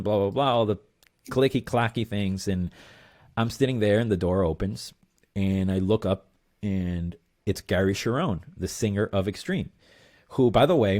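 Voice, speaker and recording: A man with a fairly low voice tells stories as an interview guest. He talks in an animated, rambling way, full of fillers and asides. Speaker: guest musician. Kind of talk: storytelling interview chat.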